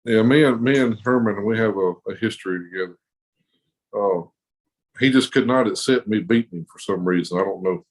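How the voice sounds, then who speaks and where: A man's voice: fairly low pitch, brisk, rough recording. A man telling a rowdy story on a podcast in a rambling, profane way, laughing often. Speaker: podcast guest. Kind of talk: casual storytelling.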